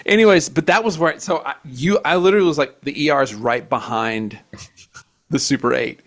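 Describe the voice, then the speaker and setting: A man's voice: fairly high pitch, brisk. Man hosting a chatty podcast. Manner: animated, self-mocking storyteller with many fillers. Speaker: podcast host. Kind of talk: casual storytelling chat.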